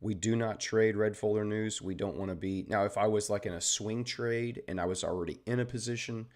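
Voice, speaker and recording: A man's voice: on the low side, steady tone, fairly quick, a little mellow. A man with a Southern Texan accent, hosting a live trading stream and explaining charts in an easygoing, chatty way while greeting viewers. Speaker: trading livestream host. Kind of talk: casual live trading commentary.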